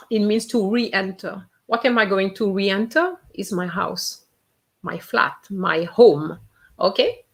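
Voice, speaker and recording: Woman teacher, unhurried, repeats phrases carefully for learners. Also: medium pitch, a bit bright. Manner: patient, repeats each phrase slowly to model pronunciation. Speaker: French teacher. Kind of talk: live online language lesson.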